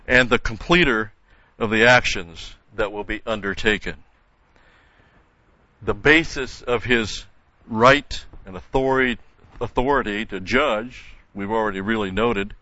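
An older man teaches a Bible study at an unhurried, deliberate pace, his low voice bright and forceful as he restates key points for emphasis. He explains carefully, often restarting mid-phrase. The recording is dull and lo-fi with a dry, close sound. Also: dry recording. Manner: measured, explanatory, with frequent restarts and emphatic repetition.

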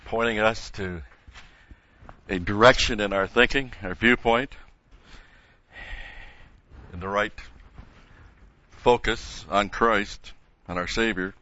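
A man preaching a sermon, reading a psalm aloud with strong emphasis and slowing down on key phrases. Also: bright, forceful tone. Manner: emphatic, rises in pitch and volume when reading scripture. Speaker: pastor. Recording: dull lo-fi sound.

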